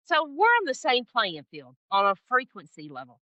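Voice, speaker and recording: A woman guest telling a personal story in an interview, expressive and emphatic, acting out the voices she quotes. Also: a little high, normal speed, no echo, muffled recording. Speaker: podcast guest, spiritual guide. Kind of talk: animated storytelling in conversation.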